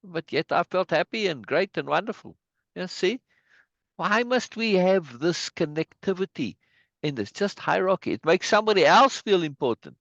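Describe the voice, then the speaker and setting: A man's voice: high voice, animated, normal speed, gravelly, fairly bright tone, dry recording. A man hosting a casual video-call chat, speaking emphatically and laughing often. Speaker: host. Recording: dull lo-fi video call audio.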